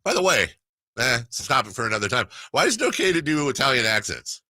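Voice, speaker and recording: A man's voice: mid-range voice, sing-song, quick pace, bright, forceful tone, dry recording. A middle-aged man hosting a sports radio show, rambling and laughing through a casual story. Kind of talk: casual chat.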